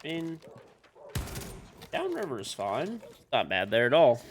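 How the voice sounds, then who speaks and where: Animated, profane man streaming a game. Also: mid-range voice, unhurried, slight background noise. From Michigan, US. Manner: casual, profane, reacting to gameplay and chat. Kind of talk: live gameplay stream chat.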